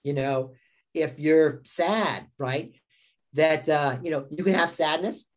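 A man's voice: a little high, slow. Male psychologist explaining patiently. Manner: teaching tone, tags many points with "right?" and "all right"; acts out patients' inner voices in quotes. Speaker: psychologist, podcast guest. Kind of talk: explanatory interview talk.

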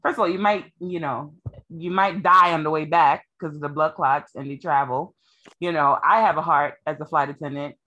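Bright-voiced woman chatting bluntly. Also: sits low, steady tone, normal speed, muffled recording. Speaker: podcast co-host. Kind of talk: casual chat.

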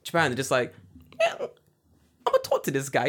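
Animated, swearing man telling a story. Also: medium pitch, fairly quick. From United Kingdom. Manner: animated, profane storytelling with acted-out voices. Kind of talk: casual chat.

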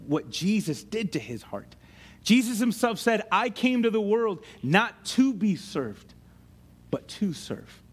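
Animated preacher man, lively swooping pitch. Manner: animated preaching with dramatic pitch swings and casual asides; conversational, uses slang like "ain't" and "dude". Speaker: pastor. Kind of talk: sermon.

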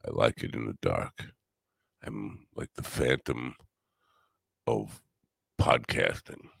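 Tired New podcast host, bottom-of-the-range voice with gravel, dry close mic, loose sarcastic riffing. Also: male voice, rumbling low, slow, fairly bright tone, no echo. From New York. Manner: rambling, wisecracking, sarcastic. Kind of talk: casual solo podcast monologue.

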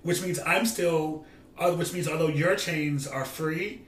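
A man's voice: on the high side, unhurried, reverberant, distant mic. A man co-hosting a casual podcast, explaining his ideas earnestly and reflectively, thinking them through as he talks. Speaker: podcast co-host. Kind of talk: casual chat.

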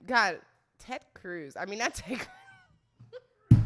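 A young woman hosting a casual livestream, loud and laughing, swearing often as she chats to her viewers. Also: mid-range voice, lively intonation, unhurried, pauses often. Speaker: livestream host.

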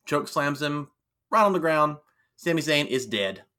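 A man co-hosting a casual podcast, recapping wrestling with quick jokey asides. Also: fairly high pitch, expressive, sharp tone. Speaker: podcast co-host.

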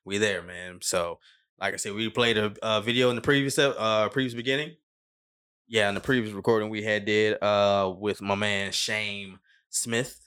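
A man's voice: lowish voice, fairly even intonation, normal speed, a bit bright, clear, resonant tone. A man hosting a casual podcast, talking in laid-back slangy banter and reading news stories aloud. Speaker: podcast host.

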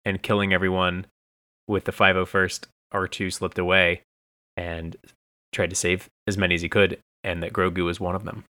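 Excitable fan podcast co-host, laughs easily, voice jumps high when keen. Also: moderate pace. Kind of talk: casual fan podcast chat.

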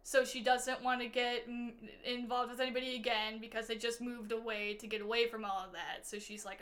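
A woman's voice: fairly high pitch, fairly even intonation, fairly quick, few pauses, fairly bright tone. A young adult woman co-hosting a podcast, chatting casually about a movie, full of "like" and acted-out quotes. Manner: chatty, lots of "like", acts out quotes. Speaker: podcast co-host. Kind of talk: casual movie review chat.

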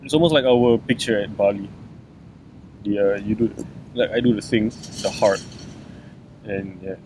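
A man's voice: moderate pace, a little mellow. A man co-hosting a podcast outdoors, joking around with a sarcastic tone and casual swearing. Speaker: podcast co-host. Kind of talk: casual chat. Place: outdoors on a lawn by a city street. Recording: faint traffic rumble outdoors.

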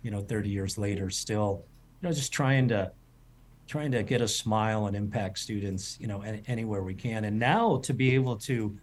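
Middle-aged man, fairly low voice, casual rambling interview guest. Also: moderate pace. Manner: rambling, repeats words, warm storytelling. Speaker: culinary school president, guest.

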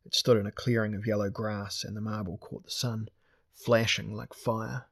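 A man narrating a fantasy audiobook in a steady, measured way. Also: fairly low pitch, creaky, husky, no room sound.

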